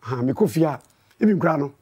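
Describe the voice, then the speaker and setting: Ghanaian male musician guest, husky, mellow, laid-back. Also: a little high, lively intonation, fast. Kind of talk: casual interview chat.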